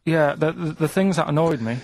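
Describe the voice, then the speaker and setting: A man, a radio show regular, rambling deadpan through stories with tag questions. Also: a little high, a little fast, creaky, no echo. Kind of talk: casual radio chat. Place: radio studio.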